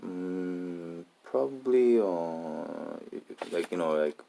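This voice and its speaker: A man in a casual monologue, talking haltingly and often restarting and repeating his words. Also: low-pitched, slight background noise.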